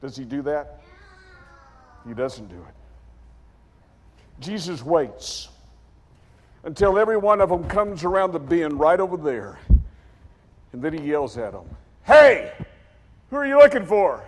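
A man preaching a sermon as dramatic storytelling, acting out scenes in character voices and swinging from shouts to quiet. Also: a little high, very animated, a little slow, pauses often. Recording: long hall reverb.

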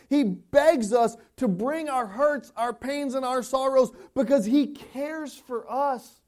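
A man preaching to his church in a high, light voice. He takes his time, drawing out each phrase. He drops to near hushed tones, then climbs back up with passion. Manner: preaching with sweeping swings from hushed to impassioned. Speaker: pastor. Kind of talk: sermon.

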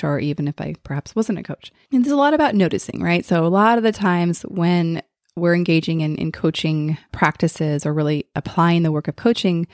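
A woman's voice: lowish voice, darkish tone, no echo, studio quality. A woman in her thirties, a coach hosting her own podcast, talking in a chatty, reflective way with many fillers. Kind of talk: casual solo podcast talk.

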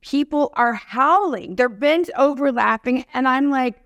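Woman comedian as interview guest; bright, higher voice; lively, self-mocking storyteller; dry close sound. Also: a little slow, no echo. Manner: animated, self-deprecating, acts out quoted lines.

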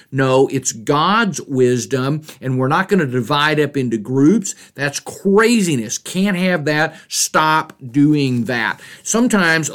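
A middle-aged man hosting a Bible study podcast, explaining verses in an earnest, teacherly way and acting out quoted voices. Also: a little high.

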